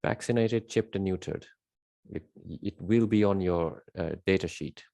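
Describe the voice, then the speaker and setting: A man's voice: deep voice, a little slow, creaky, warm tone, no echo. A man giving an unscripted spiritual monologue, emphatic and rambling, repeating his key words with many fillers. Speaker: spiritual teacher.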